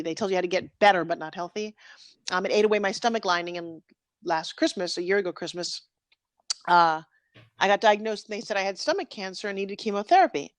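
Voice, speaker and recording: Woman, fifties, interview guest, emotional, candid, animated, mid pitch, dry sound. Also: no room sound. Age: 50s. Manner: candid and animated, close to tears. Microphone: live video stream.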